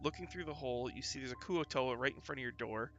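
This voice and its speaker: A man running a tabletop game as game master, narrating in a loose, halting way with many fillers. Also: mid-range voice, fairly bright tone, lo-fi sound, faint music behind.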